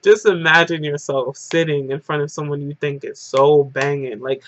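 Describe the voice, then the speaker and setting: A woman's voice: low-pitched, fairly even intonation, normal speed, muffled recording. A woman vlogger telling a casual story-time monologue, rambling and dramatic, with "like" in nearly every phrase. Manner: dramatic retelling.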